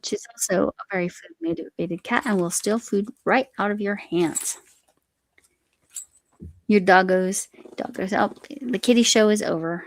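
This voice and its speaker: A woman's voice: mid-range voice, animated, moderate pace, creaky, hardly any pauses. A woman hosting a casual live chat while she crochets, reading viewer comments aloud and talking to her cat. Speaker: livestream host.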